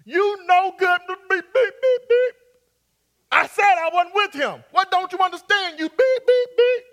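A preacher acting out an angry male disciple who shouts curses, bleeped out as "beep". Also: expressive, a little slow, full character voice. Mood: furious. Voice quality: bleeped swearing shouted high. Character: furious male disciple cursing at his accusers.

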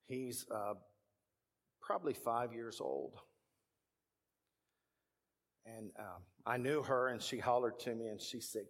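A man's voice: mid-range voice, slow, long pauses. A middle-aged man with a Texan accent, a pastor telling a story from the pulpit as a sermon, acting out the voices of the people in it.

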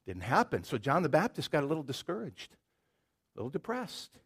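Lively middle-aged male pastor preaching. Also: fairly high pitch, a little fast, slightly rough. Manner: animated storytelling, repeats words as he builds. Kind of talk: sermon.

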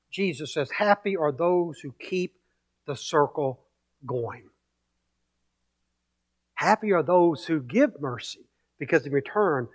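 A man's voice: a little high, husky. A male pastor preaching a sermon, emphatic, repeating key phrases and building with rhetorical questions.

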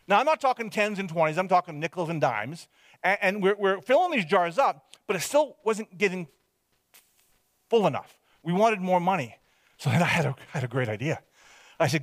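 A man's voice: sits high, lively intonation, a little fast, no echo. A man from British Columbia giving a personal testimony as a rambling, self-deprecating storyteller. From Hope, British Columbia, Canada.

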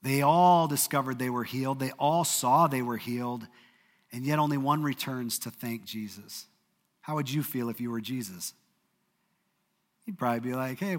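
A man preaching a sermon, telling a story earnestly, sometimes brisk and sometimes dropping to a hush. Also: medium pitch, long reverb tail. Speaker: pastor.

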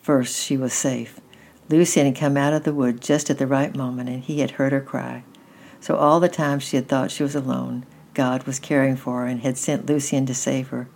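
A woman gently reading a children's story aloud at an unhurried pace. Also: extremely low pitch, little pitch movement, creaky.

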